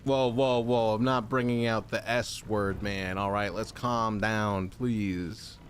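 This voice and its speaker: A man's voice: on the low side, fairly even intonation, takes it slowly, slight background noise. A young man giving casual, jokey commentary while streaming a game, mock-angry and full of silly made-up words.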